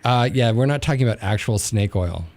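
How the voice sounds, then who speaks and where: A man co-hosting a radio talk show, wry and quick to joke in casual chat. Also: fairly low pitch, lively intonation, darkish tone.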